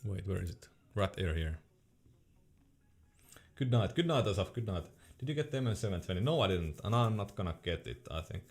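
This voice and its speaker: A man's voice: low voice, animated, brisk. A young man streaming casually, reading chat questions aloud in a laid-back way and laughing often.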